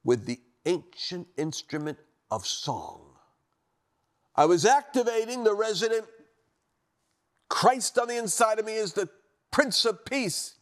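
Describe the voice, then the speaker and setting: A man preaching a sermon-style teaching from a studio, animated, swinging between loud emphatic lines and low quiet ones. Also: normal speed.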